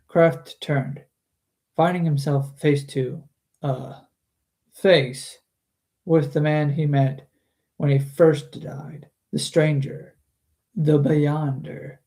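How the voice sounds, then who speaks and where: A man's voice: a little high, fairly even intonation, slow pace, long pauses, dark tone. A man reading a book aloud on a stream, chatting about the story between passages and often restarting his sentences. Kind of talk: casual book reading with commentary.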